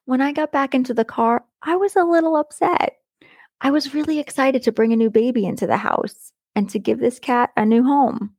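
A woman's voice: on the high side, brisk, hardly any pauses, no room sound. Woman, middle-aged, podcast host, chatty, blunt, dry close mic. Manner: chatty, laughs often, blunt and animated. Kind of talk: casual storytelling monologue.

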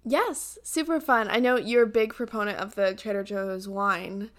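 A woman's voice: medium pitch, fairly even intonation, moderate pace, a bit bright. A young American woman co-hosting a podcast, chatting casually and rambling with lots of fillers and giggles. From United States. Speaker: podcast co-host. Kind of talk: casual chat.

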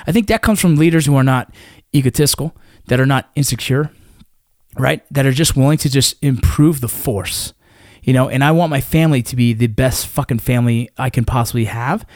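A man's voice: medium pitch, brisk, darkish tone, dry recording, studio quality. A man in his thirties or forties, a military veteran guest talking in a blunt, profane, emphatic way in casual conversation.

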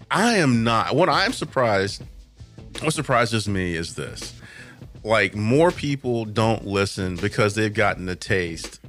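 Lively, bright-voiced male podcast host. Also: lowish voice. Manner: laughing, teasing, stumbles over words. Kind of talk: casual chat.

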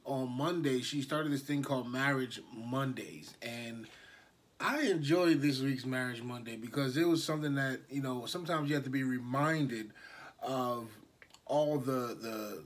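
A man in his thirties hosting a casual podcast, talking in a relaxed, halting and slangy way. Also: mid-range voice. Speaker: podcast host. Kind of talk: casual chat. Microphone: no proper microphone set up.

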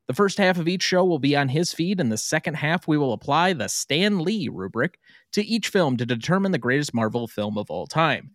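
A man hosting a casual movie podcast, briskly running the segments and breaks. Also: on the high side, lively intonation, a bit bright, no room sound, studio quality. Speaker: podcast host.

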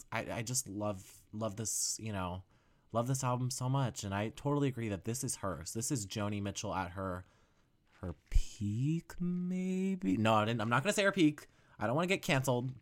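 A man hosting a solo music podcast, chatting casually with lots of fillers and jokes at his own expense. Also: fairly low pitch. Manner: chatty and self-mocking, many fillers, swoops up when excited. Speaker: podcast host.

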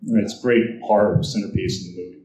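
A man's voice: lowish voice, fairly even intonation, fast talker, mellow, roomy sound, a little hiss or hum, rough recording. A man speaking to an audience, telling film history anecdotes and acting out the quoted voices as he goes. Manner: storytelling, acts out quoted voices.

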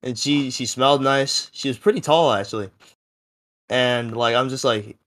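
A man's voice: medium pitch, steady tone, normal speed, fairly bright tone. A seventeen-year-old young man telling a story in a casual podcast chat, rambling and full of fillers. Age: teens. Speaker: podcast co-host.

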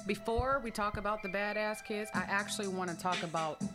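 A woman's voice: mid-range voice, a little fast, over music. Laid-back woman podcast co-host. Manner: laid-back, short reactions and laughter. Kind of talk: casual podcast chat.

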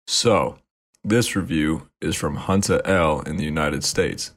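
A man co-hosting a gaming podcast who reads a listener review aloud in a monotone, swearing freely and hamming it up. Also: rumbling low, a little slow, vocal fry. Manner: profane, mock-bombastic. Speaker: podcast co-host. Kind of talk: reading a listener review, casual chat.

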